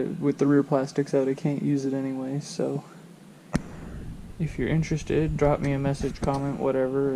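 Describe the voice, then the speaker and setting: A man's voice: medium pitch, warm tone, slight background noise, rough recording. A man hosting a car channel, talking casually to his viewers in a loose, rambling way with lots of ums and restarts. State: hiccups. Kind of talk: casual vlog talk to camera.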